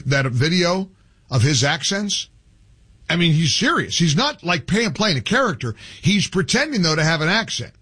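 A man's voice: a little high, slightly rough. Heated male talk radio host. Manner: heated, animated, stumbling restarts. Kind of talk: opinionated talk radio monologue. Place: radio studio.

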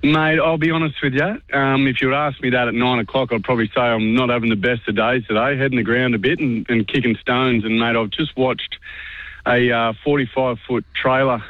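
An Australian man from Queensland calling in to a radio show. His voice comes through a tinny, narrow phone line with a dry sound. He talks warmly and with feeling, dropping "mate" into nearly every line. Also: medium pitch, fairly even intonation, a little fast, dry recording. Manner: warm, emotional, says "mate" constantly. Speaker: caller. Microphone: telephone.

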